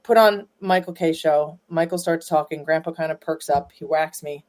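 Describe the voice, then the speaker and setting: A woman's voice: low voice, normal speed, darkish tone. A woman being interviewed, telling family stories in a chatty, rambling way with many fillers and restarts. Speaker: guest, granddaughter of a former ballplayer. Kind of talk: casual storytelling interview.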